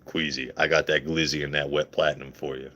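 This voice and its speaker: A man voicing a smooth, deep-voiced male late-night radio DJ, speaking low from the chest with drawn-out words. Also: level tone, a bit bright. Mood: crooning.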